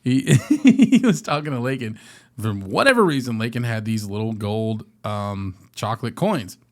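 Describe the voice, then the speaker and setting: A man's voice: mid-range voice, moderate pace. A man in his thirties co-hosting a podcast, telling stories in casual chat and laughing often. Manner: animated storyteller, laughs a lot. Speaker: podcast co-host.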